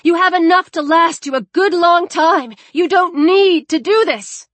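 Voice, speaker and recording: Woman playing a frantic young woman, high strained pleading, audiobook character, dry close sound. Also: a little slow, a bit bright, dry recording.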